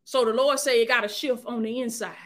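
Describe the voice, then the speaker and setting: High-voiced woman preaching with repeated exhortations. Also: steady tone, fairly quick, a bit bright. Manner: call-and-response exhortation, repeats phrases. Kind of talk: live-streamed sermon.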